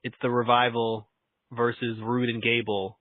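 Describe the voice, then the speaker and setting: A man with a mid-pitched voice chats in an easygoing, agreeable way and laughs along often. The sound is thin and phone-like, with a dry room around it. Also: little pitch movement, dry recording. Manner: laid-back, agreeable, quick to laugh. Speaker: podcast co-host. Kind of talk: casual chat.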